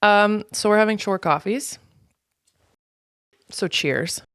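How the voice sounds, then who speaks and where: A woman's voice: mid-range voice, slow, a bit bright, clear, resonant tone, no echo, studio quality. A young Canadian woman hosting her own podcast, rambling in a casual, profane, unfiltered solo monologue. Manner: casual, rambling with many fillers. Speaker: podcast host.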